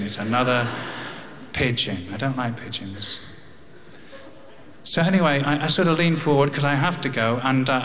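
A man's voice: mid-range voice, fairly bright tone. An English man in his fifties telling a personal story, with wry humour and grief. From England. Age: 50s. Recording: long hall reverb.

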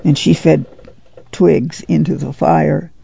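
A man narrating a novel as an audiobook reader in a steady storytelling delivery. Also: fairly high pitch, takes it slowly, creaky, slight background noise. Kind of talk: scripted narration. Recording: dull lo-fi dry audiobook recording.

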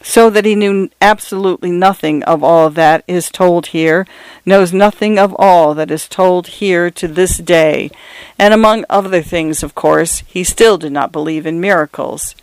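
Man, storybook narrator, high voice, dry close sound, measured descriptive reading. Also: clean tone, no echo.

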